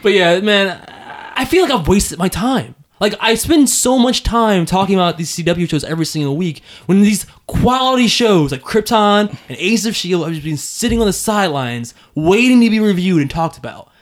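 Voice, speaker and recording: A man co-hosting a casual nerd podcast, reading listener reviews and joking with his partner. His voice sits a bit high and rises and falls a great deal. He laughs easily and talks in loose, animated bursts. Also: normal speed, few pauses. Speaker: podcast co-host.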